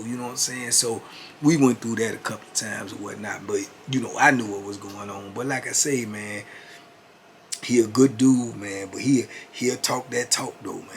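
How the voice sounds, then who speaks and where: A man's voice: on the low side, steady tone, normal speed, creaky, slight background noise. A man in his fifties telling a story in a laid-back, conversational way, full of "you know what I'm saying". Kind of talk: casual storytelling.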